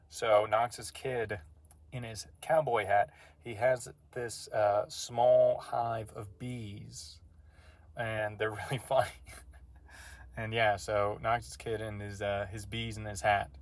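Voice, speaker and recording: A man's voice: fairly low pitch, vocal fry. A man casually recapping a tabletop game session as game master, rambling and self-deprecating.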